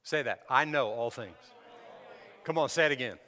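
A man preaching a sermon, shifting from relaxed storytelling to loud, emphatic exhortation. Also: mid-range voice, moderate pace. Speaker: pastor. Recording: hall reverb.

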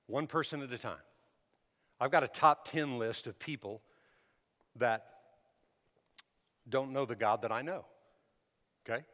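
A man preaching a sermon, shifting from relaxed storytelling to loud, emphatic exhortation. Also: medium pitch, unhurried, pauses often. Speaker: pastor. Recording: hall reverb.

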